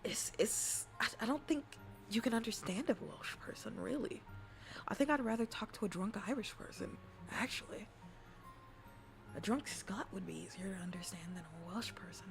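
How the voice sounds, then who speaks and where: A woman streamer chatting casually in a soft ASMR style, rambling and giggly, often dropping into whispers. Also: mid-range voice, animated, moderate pace, gravelly, faint music behind.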